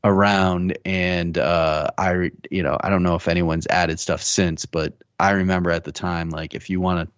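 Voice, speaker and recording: Very low-voiced rambling podcast host man. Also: normal speed, few pauses, clear, resonant tone, no echo, lo-fi sound. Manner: relaxed, rambling, many ums. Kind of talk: casual podcast chat.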